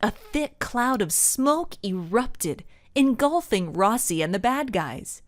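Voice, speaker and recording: Expressive woman narrating a storybook. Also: a little high, takes it slowly, no echo. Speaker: audiobook narrator. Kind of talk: scripted narration.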